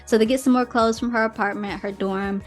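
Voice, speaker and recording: A woman hosting a casual podcast, recapping a romance novel in a slangy, animated way and acting out the characters' quotes. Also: on the high side, a little fast, faint music behind. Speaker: podcast host. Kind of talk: casual book review chat.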